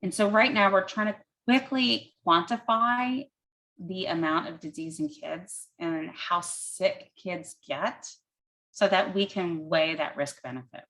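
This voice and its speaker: Woman doctor in a q&a, fairly low voice, walks through things step by step, lots of um while she thinks. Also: a little slow, a bit bright, low-quality recording. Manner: plain-spoken, explains step by step with everyday comparisons; thinks aloud with frequent "um". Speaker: physician answering audience questions. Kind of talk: explanatory Q&A.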